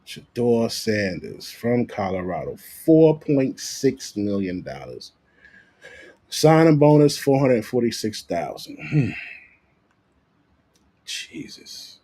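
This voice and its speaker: Husky man, lively sports vlog rant, swears a lot, circles back on phrases. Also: medium pitch, slow. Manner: animated, profane, repeats himself. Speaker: sports commentator vlogger. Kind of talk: casual ranting commentary.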